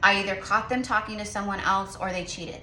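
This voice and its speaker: A woman's voice: medium pitch, steady tone, fairly quick, bright, forceful tone, a little hiss or hum. A woman giving a spiritual tarot reading to her viewers in an earnest, chatty, encouraging way, repeating her points. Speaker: tarot reader and psychic medium. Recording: echoey room, voice off-mic.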